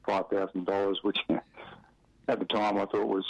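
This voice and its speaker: A middle-aged Australian man from Western Australia tells stories about his football career in a relaxed, rambling interview full of fillers and chuckles. His lowish voice is flat and a little slow, on dry, dull lo-fi radio audio.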